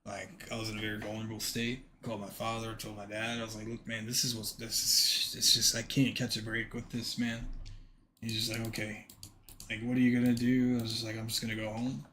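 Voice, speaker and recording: A man's voice: on the low side, level tone, fairly quick, sharp tone, a little hiss or hum. A man streaming a game, telling a story casually and animatedly, swearing freely and acting out the dialogue.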